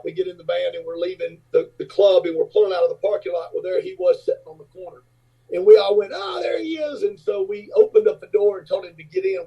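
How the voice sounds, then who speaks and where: A man's voice: high-pitched, slightly rough, far from the mic. A man in his fifties, a rock singer and businessman, telling rambling anecdotes with lots of fillers as a podcast guest. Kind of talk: casual storytelling. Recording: dull lo-fi audio.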